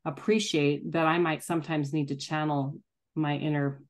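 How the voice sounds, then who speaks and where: A woman's voice: low voice, level tone, normal speed. A middle-aged woman telling a personal story in a candid, self-deprecating way, laughing often. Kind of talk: casual reflective storytelling.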